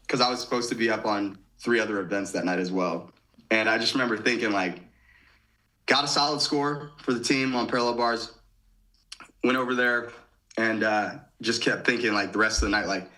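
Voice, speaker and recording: A former gymnast in his thirties from Michigan, USA, appears as a podcast guest, casually retelling events and often quoting his own thoughts. His voice is mid-range and sharp, at a normal speed, over poor audio.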